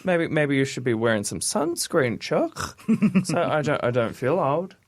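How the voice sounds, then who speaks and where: A man, co-hosting a casual radio chat and reading quiz items aloud in a steady list. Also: mid-range voice, normal speed, no echo. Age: 20s. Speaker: radio co-host. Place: radio studio.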